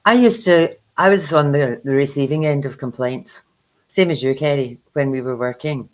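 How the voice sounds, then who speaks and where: A woman's voice: a bass voice, moderate pace, low-quality recording. A woman co-hosting a spiritual chat, telling stories in a casual way and acting out the dialogue she quotes. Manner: animated storyteller who acts out quoted dialogue.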